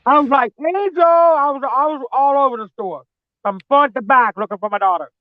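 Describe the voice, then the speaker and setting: A woman with a very high voice tells loose, rambling stories about her kids, swearing freely and dropping "man" at the end of her sentences. Her voice sounds dull and lo-fi, as if captured on cheap gear, and the recording is very dry, with no room sound at all. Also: brisk, no room sound. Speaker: mother telling personal stories. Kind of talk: casual storytelling chat.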